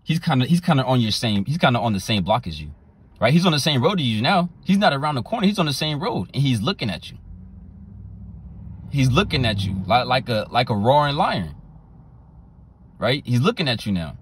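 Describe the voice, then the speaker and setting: Animated man preaching with lively pitch. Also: slight background noise. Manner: animated, repeats phrases, reads verses slowly. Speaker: street preacher. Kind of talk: sermon with scripture reading.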